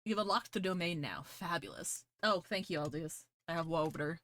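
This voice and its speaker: A woman's voice: lowish voice, normal speed, fairly bright tone, no echo. A woman streamer giving casual gaming commentary, profane, blunt and self-deprecating. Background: game music.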